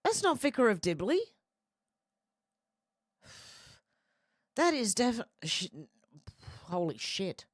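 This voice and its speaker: A woman's voice: fairly high pitch, sing-song, slow pace, long pauses, no echo, studio quality. A woman hosting casual news commentary, rambling and exclaiming with the odd swear. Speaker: commentary host.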